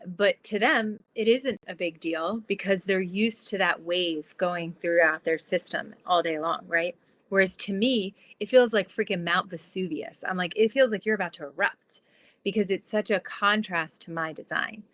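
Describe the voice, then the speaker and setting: A woman guest on an interview podcast, explaining her ideas in a lively, chatty way with lots of "like". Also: fairly low pitch, normal speed. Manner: animated, explanatory, fillers like "like". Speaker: guest, transformation guide.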